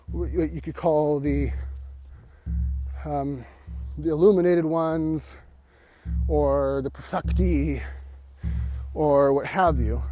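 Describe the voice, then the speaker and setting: Unhurried male teacher, slightly breathless outdoors, halting delivery, faint music bed. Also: on the high side, mellow. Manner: halting, repeats and restarts words. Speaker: esoteric mystery school teacher. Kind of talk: rambling spoken lesson. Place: outdoors walking up a hill.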